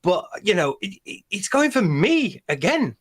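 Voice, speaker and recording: A man's voice: sits high, very animated, a little slow, husky. A man co-hosting a podcast, musing hesitantly in casual chat. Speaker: podcast co-host.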